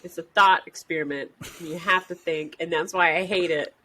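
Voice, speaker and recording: A woman's voice: on the low side, fairly even intonation, brisk, sharp tone, a little hiss or hum. A woman co-hosting a podcast over a video call, chatting in a playful, teasing way. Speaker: podcast co-host.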